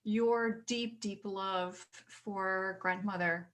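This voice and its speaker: A woman's voice: medium pitch, fairly even intonation, drawn-out words, a bit bright, low-quality recording. Affectionate woman co-host asking questions. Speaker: podcast co-host. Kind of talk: casual spiritual chat.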